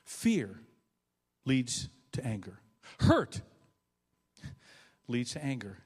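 A male pastor preaching a sermon, swinging from loud bursts to quiet, low asides. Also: sing-song, drawn-out words, husky. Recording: long hall reverb.

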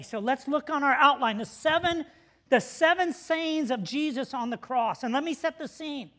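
High, bright-voiced pastor preaching. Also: male voice, normal speed. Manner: storytelling with laughs and shouted quotes. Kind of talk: sermon.

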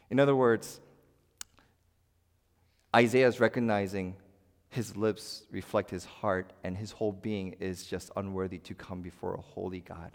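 A male pastor delivering a sermon, swinging between forceful emphasis and hushed, quiet passages. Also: low voice, steady tone, measured pace, in a large hall. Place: church.

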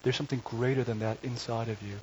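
A man's voice: medium pitch, steady tone, fast, darkish tone. A male pastor delivers a sermon in a loose, conversational way, full of restarts and joking asides. His voice comes through a slightly dull recording with a faint hiss in the background. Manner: chatty, self-correcting, joking asides.

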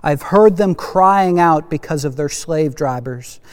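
A man voicing God in a grave, slow, hushed manner, in a long reverberant hall. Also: a little high, clear, resonant tone, lightly acted. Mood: solemn. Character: God, solemn, majestic and holy.

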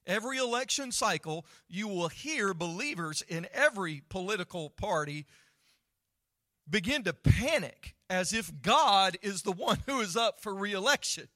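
High-voiced man preaching a conversational sermon. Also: lively intonation, moderate pace, pushed and bright, no room sound, clean studio sound. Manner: conversational, asks the audience questions. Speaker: pastor.

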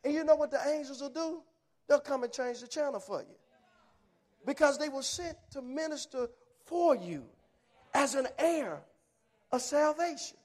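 A man's voice: very high-pitched, animated, moderate pace, pauses often, darkish tone. A man preaching a sermon, emphatic and punchy, telling folksy stories and asking rhetorical questions. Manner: emphatic, punchy short phrases.

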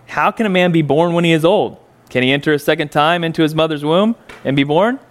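A man's voice: fairly high pitch, fast talker. Chatty preacher, man with a raised voice. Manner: folksy, joking asides, frequent ums and uhs. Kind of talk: conversational sermon.

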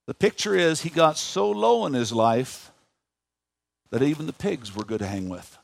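A man in his fifties preaching a sermon in a church, animated, asking the congregation questions. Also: on the high side, moderate pace, gravelly, dry recording. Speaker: pastor.

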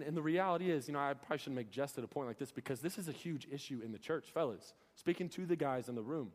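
Animated and fast, a young preacher throws rhetorical question after question at his congregation during a heartfelt sermon. He has a slightly higher voice than most men, echoing through the church hall with a long reverb tail.

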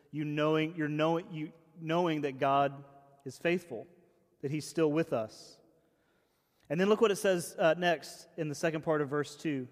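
A man preaching a casual, conversational sermon, often restarting phrases and saying "like" as he goes. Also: on the high side. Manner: casual, chatty, many restarts and "like". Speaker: pastor. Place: church hall. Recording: long church reverb.

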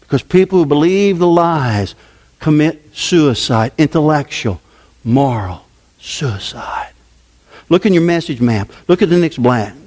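Pastor, male, mid-sermon: emphatic preaching that leaps high and drops low, in a big echoing sanctuary. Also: lively intonation, normal speed, a little mellow. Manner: emphatic, preaching with sweeping pitch swings. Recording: long hall reverb.

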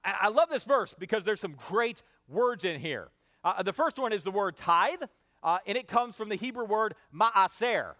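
An energetic man delivers a sermon from the pulpit in a notably high voice. He works the congregation with call-and-response phrases. His delivery stays loose and spoken, with frequent "uh" fillers. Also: moderate pace. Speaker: pastor.

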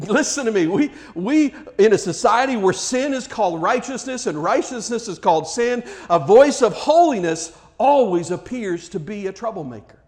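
Male preacher with a high voice; fervent, emphatic sermon delivery with frequent restarts. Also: animated, moderate pace, few pauses, a little mellow.

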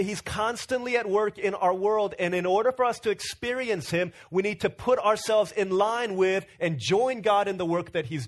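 A male pastor preaching in a casual, storytelling way, acting out quotes and using lots of fillers. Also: high voice. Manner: storytelling with playful acted-out quotes and many fillers. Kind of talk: casual sermon.

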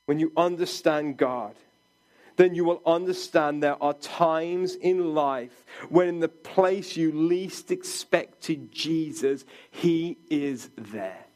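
A man preaching a sermon as a pastor, earnest, sometimes dropping to a hush for quoted words. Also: a little high, slow pace.

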